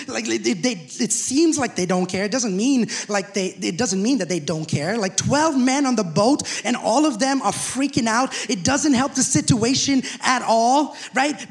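A man preaching a sermon as pastor, animated and rising to shouts, often asking the congregation questions. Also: very high voice.

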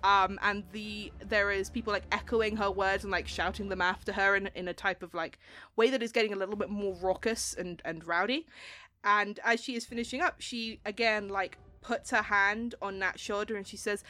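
A woman narrating a tabletop game as game master, chatty, with many fillers and quick laughs. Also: mid-range voice, fairly even intonation, bright, forceful tone.

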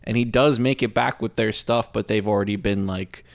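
A man's voice: lowish voice, fairly even intonation, moderate pace, vocal fry, no room sound, studio quality. A man co-hosting a podcast in casual chat, rambling with lots of fillers. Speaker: podcast co-host.

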